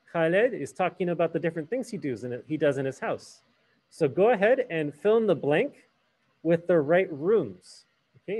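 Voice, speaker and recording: A man's voice: high voice, darkish tone, breathy edge. A man teaching a hybrid French class, switching between English and French and asking the students questions.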